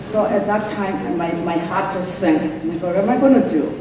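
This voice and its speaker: An older woman gives an acceptance speech. She pauses often and repeats herself. The sound comes from far off in a large, echoing hall, with faint background noise. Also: medium pitch. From South Africa. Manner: halting, many fillers and repeats. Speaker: award honoree giving a speech. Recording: echoey hall, mic heard from far off.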